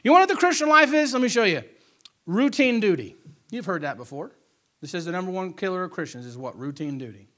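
High, bright-voiced male preacher. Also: very animated, fast. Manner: emphatic, repetitive, conversational preaching. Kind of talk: sermon.

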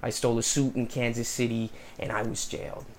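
A man doing Biff, a young working-class guy from a stage play, in a rough attempted New York accent. The lines come out halting and self-conscious at a middle pitch, with faint noise behind. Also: little pitch movement, close to an everyday voice. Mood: confessional.

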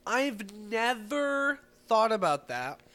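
Man, high-pitched, casual podcast co-host, profane, giggly, rambling. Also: very animated, slow, fairly bright tone. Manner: rambling, profane, laughs a lot, stumbles on words. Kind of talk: casual chat. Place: home, indoors. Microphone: podcast mic.

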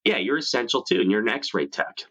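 A man's voice: lowish voice, lively intonation, fairly quick, a bit bright, a little hiss or hum. A man from New York hosting a casual chat show, swearing freely and laughing often. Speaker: podcast host.

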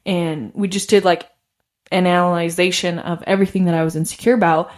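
A woman's voice: fairly low pitch, fairly even intonation, a little fast. A woman telling a personal story in a casual, chatty way, filling her sentences with "like" and laughing often. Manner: chatty, heavy use of "like". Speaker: podcast host.

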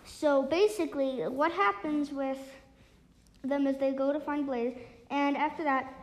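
A woman casually retelling a book's plot, halting often with restarts and fillers. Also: sits high, steady tone, slight background noise. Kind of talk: casual spoken book recap.

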